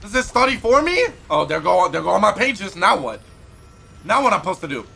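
A man streaming a video game, joking loudly, swearing and shouting his reactions. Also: sits high, sing-song, a little fast, vocal fry, husky, soft background music. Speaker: gaming streamer. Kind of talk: comedic live game commentary.

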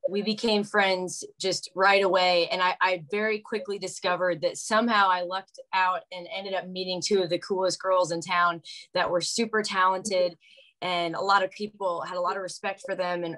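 A woman's voice: fairly low pitch, a bit bright, low-quality recording. A young woman hosting a casual radio interview. She talks in a chatty, giggly way and fills her speech with ums. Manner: chatty and giggly, with many fillers. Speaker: guest interviewer.

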